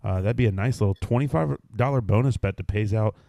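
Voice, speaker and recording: A man in his thirties co-hosting a casual sports betting podcast, running quickly through lists of bets and odds. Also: lowish voice, gravelly, warm tone, muffled recording. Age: 30s. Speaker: podcast co-host.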